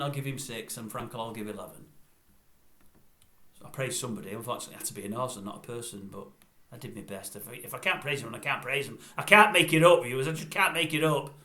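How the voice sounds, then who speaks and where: A man's voice: mid-range voice, pushed and bright, reverberant, a little hiss or hum. An older man who vlogs a blunt, grumbling, repetitive ranting review. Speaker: vlogger.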